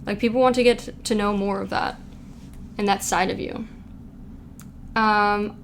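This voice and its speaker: A woman's voice: mid-range voice, fairly even intonation, measured pace, creaky, pauses often, slight background noise. A young woman giving a casual pick-a-card tarot reading, chatty and giggly, reading quotes aloud with playful asides. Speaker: tarot reader.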